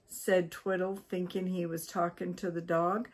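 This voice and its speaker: An older woman from Maine reads a children's storybook aloud in a gentle way, taking her time. Her voice sits low and sounds husky. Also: little pitch movement. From Maine, USA. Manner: gentle, unhurried reading.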